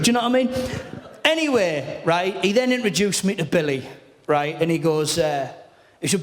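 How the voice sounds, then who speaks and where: A male comedian telling a sweary, animated anecdote in a chatty way. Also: high voice, moderate pace, echoey room, long reverb tail. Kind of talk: anecdotal storytelling.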